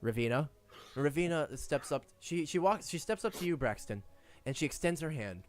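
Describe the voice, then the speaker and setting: A man narrating as game master of a tabletop game in a measured, descriptive way. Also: on the high side, lively intonation, slight background noise.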